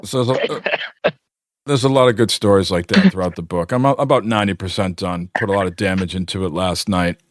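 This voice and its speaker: A man's voice: sits low, fairly quick, no room sound, clean studio sound. Rambling man telling stories on a podcast. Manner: rambling storyteller, many fillers. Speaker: podcast co-host. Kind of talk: casual chat.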